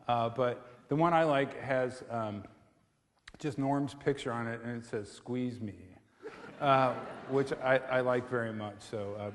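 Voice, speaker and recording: A man's voice: mid-range voice, steady tone, unhurried, long reverb tail, a little hiss or hum. A middle-aged man speaking on a theatre stage as a guest speaker on investing, casual and joking, with many fillers and restarts. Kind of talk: live public talk with jokes.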